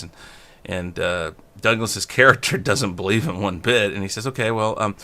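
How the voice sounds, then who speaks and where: A man's voice: fairly low pitch, normal speed, pushed and bright. A man co-hosting a movie review show, retelling scenes casually and acting out the characters' lines. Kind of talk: casual film discussion.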